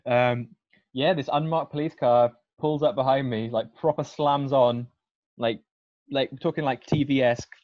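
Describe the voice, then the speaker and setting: A man's voice: medium pitch, steady tone, moderate pace, no echo. A young man, a podcast guest telling a story in casual, self-deprecating chat. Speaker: guest cyclist. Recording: dry, slightly dull audio.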